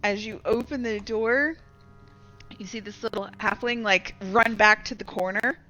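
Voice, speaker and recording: A woman's voice: mid-range voice, bright, forceful tone, dull audio. Casual woman running a tabletop game. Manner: casual, halting narration with fillers. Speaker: dungeon master.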